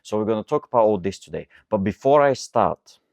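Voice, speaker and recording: Deep-voiced man ranting on his podcast. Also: brisk, dry recording. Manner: ranting, animated, self-correcting. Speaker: podcast host and coach. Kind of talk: solo podcast monologue.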